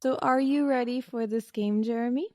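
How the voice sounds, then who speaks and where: A woman's voice: fairly high pitch, fairly even intonation, normal speed, a little mellow, no room sound. Playful woman host running a quiz. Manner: playful, spells out names letter by letter. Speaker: podcast host. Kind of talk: quiz game in casual podcast chat.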